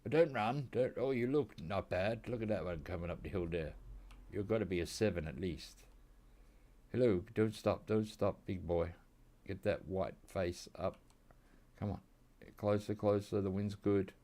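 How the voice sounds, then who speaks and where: A man's voice: lowish voice, moderate pace, dark tone. An Australian man casually commenting on his hunting game, joking with chat and talking to the animals. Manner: joking, chatty, talks to the animals on screen. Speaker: gaming streamer.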